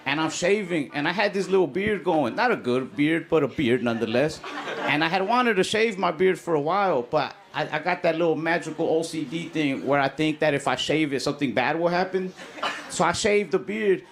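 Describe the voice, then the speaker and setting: Deadpan stand-up comedian, young man. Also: fairly high pitch, a little fast, creaky. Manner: deadpan storytelling punctuated by crowd laughter. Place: comedy stage. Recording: loud audience noise behind the voice.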